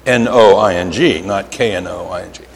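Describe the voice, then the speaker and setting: Male preacher, Pennsylvania accent, animated and emphatic, long reverb of a big hall. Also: sits low. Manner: animated storytelling, drawn-out emphatic words, frequent "right?". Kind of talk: sermon. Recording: hall reverb, faint ambience.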